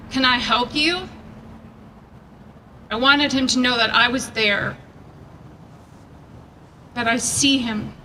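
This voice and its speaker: A woman reading a prepared speech at a rally, earnest and measured, picked up from a distance outdoors. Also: fairly high pitch. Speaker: rally speaker. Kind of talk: prepared speech read aloud. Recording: distant mic with background noise.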